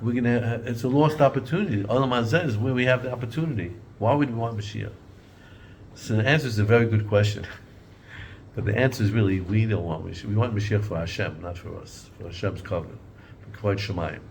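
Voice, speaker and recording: A man's voice: mid-range voice, brisk, slight background noise. A man teaching an informal Torah class in a conversational way, often repeating and restarting words and mixing in Hebrew and Yiddish terms.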